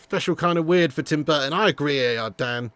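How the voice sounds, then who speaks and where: A man's voice: a little high, brisk, fairly bright tone, dry recording. A young man hosting a live football watch-along, blunt and sweary, laughing and reading viewer messages. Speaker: host.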